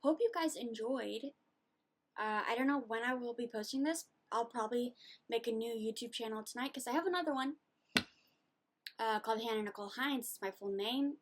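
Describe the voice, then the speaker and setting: A woman's voice: on the high side, fairly quick. A woman of eighteen, ranting animatedly and indignantly in a casual video journal. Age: late teens.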